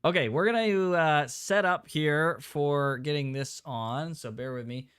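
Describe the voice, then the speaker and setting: A young man co-hosting a casual live stream, excitable and quick to exclaim and laugh. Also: a little high, clear, resonant tone. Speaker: co-host.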